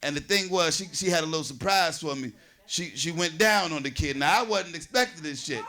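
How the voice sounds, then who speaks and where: Bright-voiced man in his forties doing stand-up. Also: a little high, brisk. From New Jersey. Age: 40s. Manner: loose, conversational, riffs with the audience. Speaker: stand-up comedian. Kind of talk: stand-up comedy set. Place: comedy stage.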